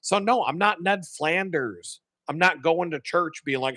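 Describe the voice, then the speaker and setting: Bright-voiced man telling stories. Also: high-pitched, moderate pace, few pauses, dry recording. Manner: profane, animated, laughs often. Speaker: live streamer. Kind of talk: casual storytelling.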